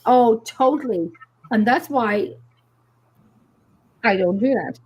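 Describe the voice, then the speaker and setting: An Irish woman who investigates the paranormal tells stories casually on a live show, lively and packed with fillers and swearing. Her voice is a little high, slow and husky, with the highs cut off.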